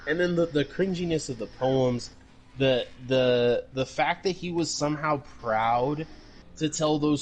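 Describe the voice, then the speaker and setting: A man co-hosting a casual podcast, ranting in a profane, mocking ramble full of fillers. His voice sits at an ordinary middle pitch. A faint hiss of noise runs under the recording. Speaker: podcast co-host. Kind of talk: casual chat.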